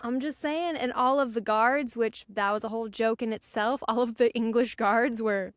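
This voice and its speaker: A woman co-hosting a podcast, excitedly chiming in with quick reactions and playful asides about a cartoon. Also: fairly high pitch, no echo. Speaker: podcast co-host. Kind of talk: casual chat recapping a cartoon episode.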